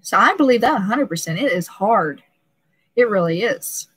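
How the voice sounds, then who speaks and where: A woman's voice: medium pitch, lively intonation, moderate pace, fairly bright tone, slightly rough, dry recording, low-quality recording. A young pregnant woman hosting a casual live stream, talking emotionally and laughing often, with many restarts.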